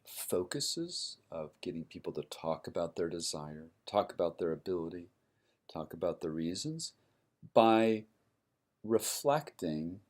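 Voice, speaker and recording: A man giving a university lecture, explaining step by step and checking in with his listeners by asking "right?" as he goes. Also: sits low. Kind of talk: recorded classroom lecture.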